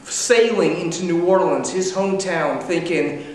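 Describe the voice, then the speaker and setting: A man's voice: high voice, a little slow, a little mellow. A man telling a wry, self-mocking dream story live on a theater stage. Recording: echoey theater, distant mic.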